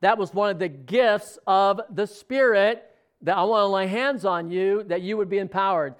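Guy pastor with a high voice telling a church story all excited, acting out the dialogue. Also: moderate pace, clear, resonant tone. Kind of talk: sermon storytelling.

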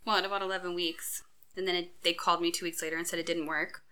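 A woman's voice: on the low side, level tone, fast talker. A woman, candidly telling her own story and acting out the voices of others, sometimes rising sharply. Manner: candid storytelling, acts out quoted voices with sudden loud peaks. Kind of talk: personal story interview.

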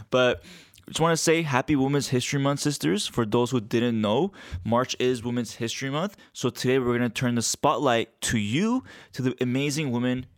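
A man co-hosting a podcast in casual chat, an animated storyteller who leans on fillers and laughs easily. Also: mid-range voice, no echo, studio quality. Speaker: podcast co-host.

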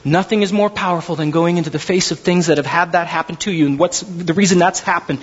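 A man's voice: sits high, fast talker, few pauses, husky, highs cut off. A man preaching a sermon as pastor, telling stories animatedly and acting out the voices of the people in them.

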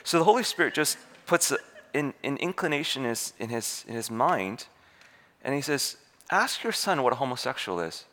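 In a church hall with long reverb, a preacher with a mid-range voice tells a story during his sermon at a normal speed. He's animated, acting out the voices of the people in the story.

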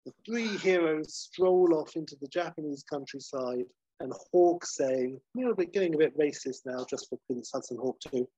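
Animated man telling a story. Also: fairly high pitch, normal speed, no room sound, dull audio. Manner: animated, acts out characters' lines in a raised voice, laughs often. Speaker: podcast co-host pitching a sequel plot. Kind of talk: casual comedic storytelling.

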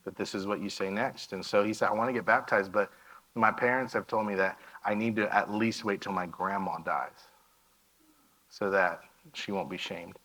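A man's voice: fairly low pitch, steady tone, moderate pace, pushed and bright, rough recording. A man giving a missionary presentation in a church, telling a story and acting out the dialogue of the people in it.

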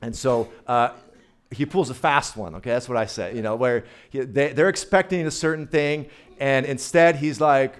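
A man's voice: mid-range voice, moderate pace. A man giving a casual sermon as guest preacher, chatty and playful, talking straight to his audience.

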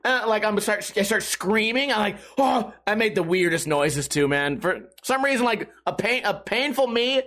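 A young man casually telling a story to camera, animated and profane, with many restarts and sudden yelps. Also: sits high, normal speed, hardly any pauses.

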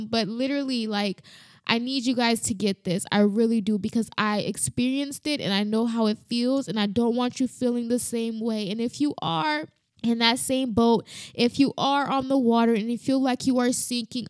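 Woman preacher, slightly high voice, earnest testimony, dry close mic. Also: no room sound. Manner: earnest, repetitive, personal testimony. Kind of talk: devotional sermon.

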